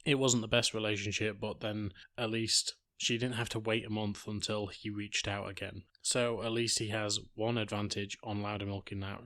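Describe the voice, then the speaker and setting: Male podcast host, low and even, dry mic, casual blunt retelling. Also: moderate pace, few pauses, no echo. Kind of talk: TV recap podcast.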